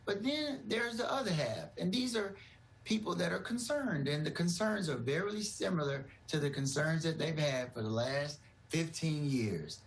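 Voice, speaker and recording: A man's voice: a little high, expressive, normal speed, low-quality recording. A man, a doctor, giving earnest, reassuring explanations in a TV news interview.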